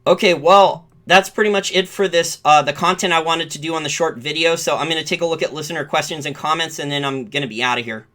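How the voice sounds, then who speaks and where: A man's voice: a little high, steady tone, quick pace, hardly any pauses, sharp tone. A man hosting a live-streamed finance show, giving loose market commentary that often restarts mid-sentence and corrects itself. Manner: rambling, restarts and corrects himself.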